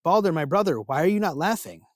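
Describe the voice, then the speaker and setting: A man's voice: on the high side, big pitch swings, fast talker, dry recording, clean studio sound, voice pushed up. A man voicing a strong blind young god who sounds wistful and left out. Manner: wistful, plaintive.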